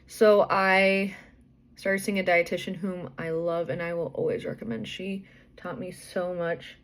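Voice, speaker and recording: A young woman vlogger, out of breath and pregnant, chatting through a rambling personal story full of fillers and restarts. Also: lowish voice.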